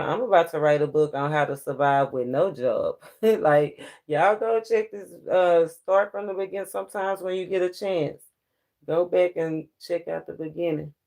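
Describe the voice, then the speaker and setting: A man's voice: medium pitch, a little mellow. A man giving a casual spiritual tarot reading, talking straight to his viewers in a preachy way and laughing often between points. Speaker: tarot reader.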